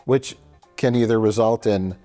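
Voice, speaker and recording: A man with a low voice co-hosts a casual film review chat. He tells an exasperated story at length, swearing and mimicking the people in it. Faint music plays faintly in the background. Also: animated, normal speed, a little mellow. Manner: ranting storyteller, acts out quotes, swears.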